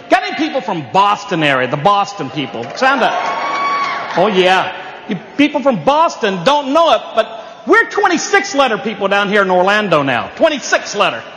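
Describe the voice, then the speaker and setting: A man's voice: high-pitched, fairly bright tone, slight background noise. A man from Appalachia doing a stand-up comedy set, telling folksy stories with punchy asides. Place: live venue. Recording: echoey hall with audience.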